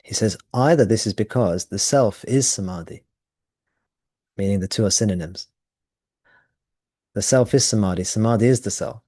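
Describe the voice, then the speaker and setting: A man's voice: fairly low pitch, normal speed, long pauses, mellow, breathy edge, no room sound, studio quality. A man teaching at a satsang, explaining ideas thoughtfully and often restarting his phrases. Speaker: spiritual teacher. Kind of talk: satsang talk.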